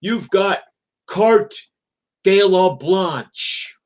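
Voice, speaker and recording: A man voicing a gruff, generous older male dispatcher, speaking with emphatic, fatherly reassurance. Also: high-pitched, extremely slow, pitched above the performer's own voice. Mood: reassuring.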